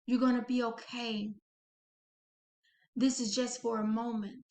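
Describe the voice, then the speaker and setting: A woman voicing a gentle, reassuring inner voice of comfort. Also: a little high, little pitch movement, measured pace. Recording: echoey room.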